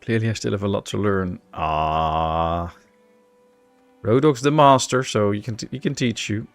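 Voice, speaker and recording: A man's voice: fairly low pitch, unhurried, no echo, faint music behind. A man with a Dutch accent giving laid-back live-stream gameplay commentary, chatting with his viewers and joking around. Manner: chatty, laid-back, answers chat with jokes. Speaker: gaming streamer.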